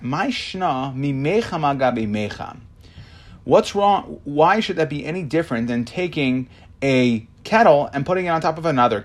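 A man teaching a Talmud class, reading Aramaic lines and translating them, explaining with many fillers and restarts. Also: on the high side. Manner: reads Aramaic then translates.

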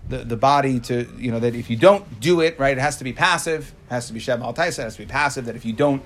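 A man's voice: medium pitch, quick pace, fairly bright tone. A man teaching a Talmud class to students in a classroom, explaining in bursts and asking rhetorical questions that he answers himself.

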